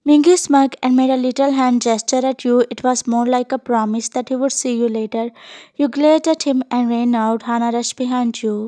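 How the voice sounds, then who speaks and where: A woman reading a fan fiction story aloud as scripted narration, in a steady reading voice. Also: fairly high pitch, brisk.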